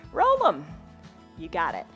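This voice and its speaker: A woman's voice: on the high side, sharp tone. A woman teaching a live online yoga class, encouraging and upbeat, with laughs between her cues. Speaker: yoga instructor.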